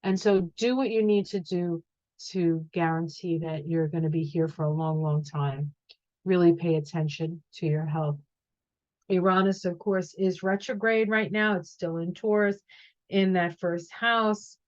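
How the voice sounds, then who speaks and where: A woman's voice: lowish voice, fairly even intonation, unhurried, no room sound, muffled recording. A middle-aged woman talking casually through an astrology forecast, thinking aloud with frequent ums and restarts. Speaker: astrology and tarot reader. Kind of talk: casual astrology talk to camera.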